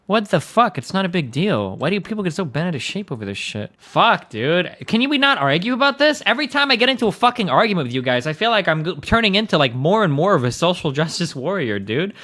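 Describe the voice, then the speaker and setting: A man's voice: sits high, big pitch swings, sharp tone. A young man streaming, ranting and arguing in a profane, heated, casual way. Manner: profane, fast, argumentative.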